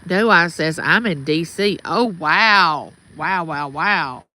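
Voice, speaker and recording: Chatting outdoors at her home, the Southern-accented livestream host from Mississippi welcomes viewers by name in a relaxed way. This middle-aged woman speaks on the low side and slowly, her voice pushed and bright, over poor audio.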